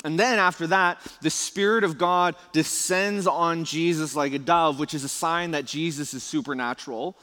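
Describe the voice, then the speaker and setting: A fairly high-voiced male preacher talking casually to his congregation, tripping over restarts and tossing out rhetorical questions. His voice rings with a long reverb through a large hall. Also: normal speed, few pauses, bright, forceful tone. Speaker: pastor. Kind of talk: conversational sermon.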